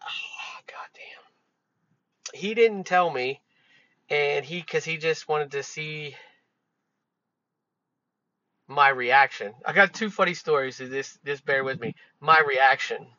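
Speaking on the high side and taking his time, a podcast host spins casual, profane work stories packed with fillers. His delivery is pushed and bright, without echo, though the lo-fi recording comes across as dull.

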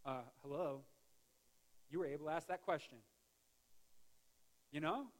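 High-voiced Midwestern pastor preaching casually. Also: male voice, expressive, normal speed. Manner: conversational, joking asides, repeats words when restarting. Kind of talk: sermon. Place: church sanctuary.

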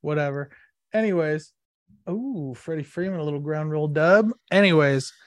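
A man's voice: fairly high pitch, moderate pace, no room sound. A man co-hosting a casual sports podcast, gloating and swearing as he mocks rivals. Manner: gloating, profane, mocking. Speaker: podcast co-host.

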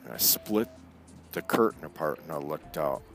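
Very deep gravelly man telling a story. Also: moderate pace, faint music behind. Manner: animated, acts out quoted voices. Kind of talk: casual spoken storytelling.

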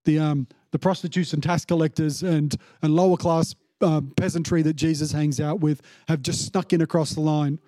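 Guy preaching a chatty sermon, high voice, lots of ums, dry close sound. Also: steady tone, normal speed, few pauses, dark tone, dry recording. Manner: casual, chatty, many fillers and restarts; acts out the landowner's lines in a mock-indignant tone. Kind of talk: conversational sermon.

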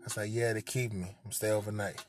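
A man's voice: on the low side, level tone, brisk. A man casually retelling a personal story, profane and streetwise, acting out the people he quotes.

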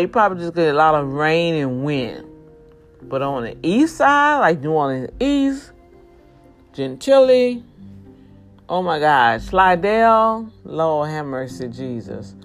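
A woman from Louisiana talking casually to her viewers, earnest and preachy, warning them directly. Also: low voice. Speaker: vlogger.

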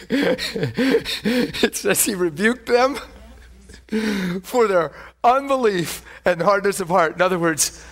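A male preacher giving a conversational sermon, animated with laughing asides. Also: sits high, takes it slowly, long pauses.

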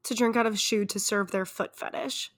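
A woman co-hosting a casual podcast, reacting with quick jokes. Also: medium pitch, steady tone. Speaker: podcast co-host.

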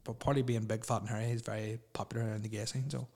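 A man's voice: lowish voice, level tone, fast talker, gravelly, a little mellow. A young man, co-hosting a casual chat with rambling, crude and laughing banter. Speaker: podcast co-host.

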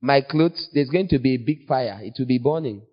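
A man preaching a sermon in a playful, teasing way, with sudden jumps in pitch. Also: moderate pace. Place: church. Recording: long church reverb, dull lo-fi sound.

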